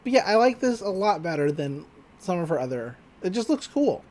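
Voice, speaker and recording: A man's voice: high-pitched, big pitch swings, fairly quick, darkish tone. A man co-hosting a podcast, casually retelling an anime episode and rambling through it with filler words. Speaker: podcast co-host.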